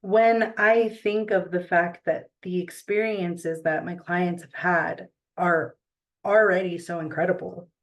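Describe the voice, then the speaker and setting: Slow, earnest motivational woman. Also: lowish voice, fairly even intonation, low-quality recording. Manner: earnest, slow and deliberate with pauses. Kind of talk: reflective motivational talk.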